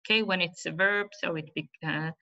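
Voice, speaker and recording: A woman's voice: on the low side, a little fast, gravelly, bright, forceful tone. A middle-aged woman with an Uzbek accent presenting a teaching webinar, explaining patiently with fillers and frequent "right?" checks. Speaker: teacher trainer. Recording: dull lo-fi webinar audio.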